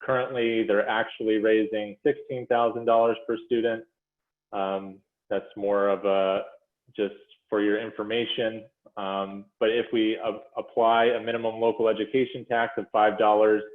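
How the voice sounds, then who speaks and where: A man presenting figures to a commission in a measured, explanatory way, with frequent fillers and self-corrections, speaking over a video call. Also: lowish voice. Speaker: presenter to a school funding commission. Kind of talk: policy presentation walking through slides. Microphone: video call audio. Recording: phone-like echoey video call audio.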